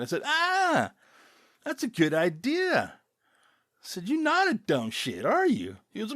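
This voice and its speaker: A man hosting his own podcast, rambling loosely and casually with chuckling asides, relaxed after an edible. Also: high-pitched, measured pace, dry recording, clean studio sound. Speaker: podcast host.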